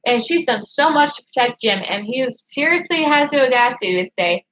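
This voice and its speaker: A young woman hosts a casual livestream, reading out viewer comments and reacting to them. She talks in an excited, emphatic way, like a gushing fan, and her voice sits slightly high. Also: moderate pace, hardly any pauses, a little hiss or hum, rough recording. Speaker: livestream host.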